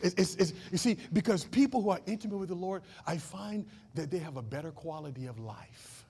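High-voiced, dynamic male pastor preaching. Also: lively intonation, fairly quick, husky. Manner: dynamic preaching, swinging from loud declarations to hushed asides; asks the congregation call-and-response questions. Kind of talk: sermon.

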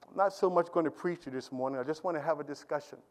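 A pastor preaching a Sunday sermon to his congregation, building from a quiet discussion into emphatic, repetitive calls and questions to the room. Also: fairly high pitch, very fast.

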